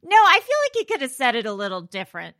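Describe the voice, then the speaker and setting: Bright, lively-voiced joking woman. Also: a little high, fast talker, no echo, studio quality. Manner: joking, playful. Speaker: podcast co-host. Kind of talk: casual chat.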